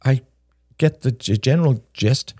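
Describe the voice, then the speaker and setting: A man's voice: mid-range voice, mellow, no room sound, voice pushed down, natural voice. Brief: subdued, hesitant young man in an audiobook, dry close sound, as a male reader voices him. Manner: halting, hesitant. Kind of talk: audiobook character reading.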